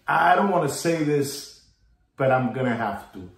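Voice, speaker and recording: Excitable man ranting in a roomy echo. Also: a little slow, vocal fry. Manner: theatrical, repetitive, swings between loud bursts and low mutters. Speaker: watch market vlogger. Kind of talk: hyped market rant to camera.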